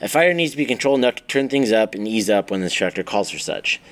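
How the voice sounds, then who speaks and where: A man, a Muay Thai coach, reading his own training book aloud in a steady instructional way, listing drills item by item with occasional stumbles. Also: lowish voice, quick pace.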